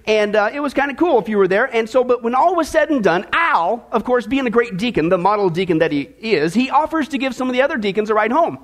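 Man, pastor, very high voice, folksy, energetic sermon, joking asides. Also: quick pace, few pauses. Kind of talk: sermon with a joke opener.

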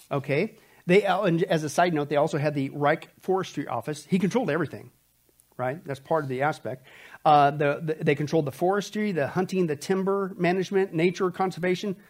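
A man teaching a Bible prophecy study, emphatic and sarcastic, with quick asides. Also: fairly high pitch. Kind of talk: sermon-style Bible study lecture.

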